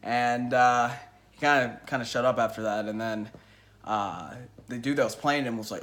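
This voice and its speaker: A young man telling a story in a casual vlog, stammering through restarts and poking fun at himself, swinging between loud bursts and hushed asides. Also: mid-range voice, normal speed. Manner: stammering restarts, self-mocking boasts. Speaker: vlogger telling a Magic card game story.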